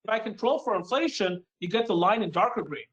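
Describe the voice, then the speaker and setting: Brisk, emphatic man presenting an economic keynote. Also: high-pitched, lo-fi sound. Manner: lively and emphatic, acts out audience questions in a mock voice. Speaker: economist giving a keynote forecast. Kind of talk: conference presentation walking through charts.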